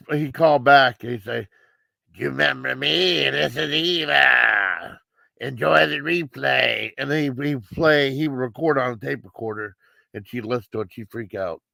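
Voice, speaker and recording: A man's voice: mid-range voice, fairly bright tone, dry recording. A man giving a casual live movie review, rambling with many fillers and restarts.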